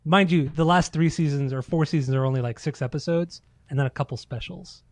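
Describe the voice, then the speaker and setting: A man's voice: on the high side, brisk, no echo. Chatty man with a dry close sound. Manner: loose, profane storytelling with quoted voices. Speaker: podcast co-host. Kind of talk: casual chat.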